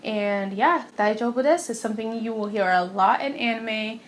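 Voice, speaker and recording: A chatty young woman leads a casual phrase lesson from home, giggling now and then. Her voice sits a little high, and she says each phrase slowly and repeats it, over a faint hiss of room noise. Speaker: language teacher vlogger.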